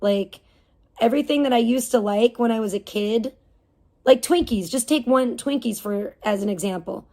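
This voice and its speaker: A woman's voice: fairly high pitch, normal speed, dark tone. A woman livestreaming and reading her chat, ranting casually with heavy swearing, indignant and rambling. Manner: rambling with fillers and restarts.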